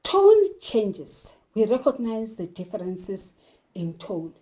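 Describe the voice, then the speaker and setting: A woman's voice: medium pitch, big pitch swings, slow pace, warm tone, poor audio. A woman teaching a literature lesson, talking emphatically and putting questions to her learners. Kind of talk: televised classroom lesson.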